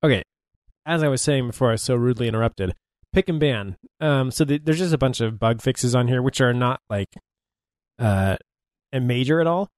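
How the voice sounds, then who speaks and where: A man's voice: mid-range voice, lively intonation, brisk, no echo. A man co-hosting a casual gaming podcast, wry and long-winded, with lots of fillers as he explains things. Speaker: podcast co-host.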